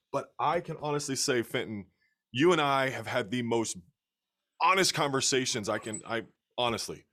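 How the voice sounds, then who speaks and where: A man hosting his channel, talking earnestly and warmly with a friend on a video call. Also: mid-range voice, expressive, normal speed. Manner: earnest, heartfelt, jokey. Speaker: channel host. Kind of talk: casual conversation.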